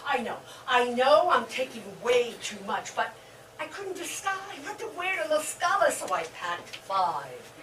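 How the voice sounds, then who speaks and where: A woman plays a giddy older woman, giggling and flustered, with a high voice and slow delivery. She is heard from across a roomy stage, with noise around her. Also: heavily acted. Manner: giggly, breathy excitement. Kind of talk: stage play acting. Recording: roomy stage sound from far off.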